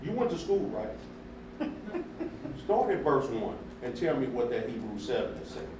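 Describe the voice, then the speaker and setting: A man's voice: mid-range voice, sing-song, moderate pace. A man from a church group heatedly retelling a scripture debate, acting out both sides with emphatic outbursts. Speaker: church member recounting a debate. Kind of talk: animated storytelling in group talk. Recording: echoey room, mic far off, faint noise.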